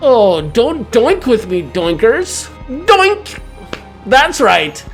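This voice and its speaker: Comedy vlogger, male, grandiose and theatrical, slow deliberate delivery, faint music behind. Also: high-pitched, very animated. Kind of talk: absurd comedic character monologue.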